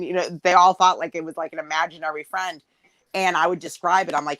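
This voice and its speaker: A woman's voice: fairly low pitch, steady tone, fast talker, fairly bright tone, no room sound, rough recording. A woman in her forties telling a long personal story in casual chat, rambling with many fillers and acting out quotes. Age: 40s.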